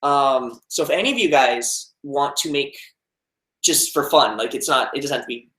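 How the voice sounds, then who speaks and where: This clip has roomy echo and a young American man whose mid-range voice sounds bright and forceful at normal speed. He reads out viewer comments and responds in a rambling, casual live-stream chat, often using fillers and restarting sentences.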